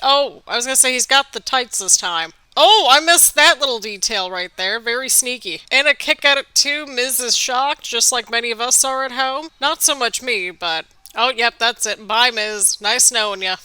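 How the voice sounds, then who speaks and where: A woman hosting a wrestling reaction video, chatting excitably with quick laughs while a bit stuffy from allergies. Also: fairly high pitch, smooth, no room sound. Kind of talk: casual live reaction commentary.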